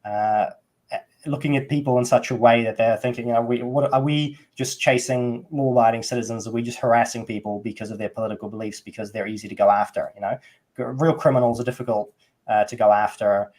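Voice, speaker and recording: A man's voice: mid-range voice, fairly even intonation, fast, a little mellow. A man with a New Zealand accent co-hosting a political livestream, hesitant, with many fillers and restarts. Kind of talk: casual political talk show.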